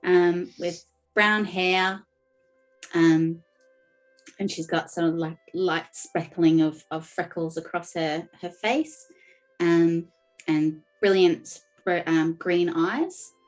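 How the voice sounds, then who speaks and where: A woman's voice: on the low side, steady tone, slow pace, soft background music. Woman player chatting about her character. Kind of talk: describing her character in casual chat.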